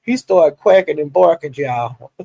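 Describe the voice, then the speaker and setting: Gravelly, gossipy male livestream commentator. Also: fairly high pitch, a little slow, no room sound, low-quality recording. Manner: animated, laughing storyteller who acts out quotes.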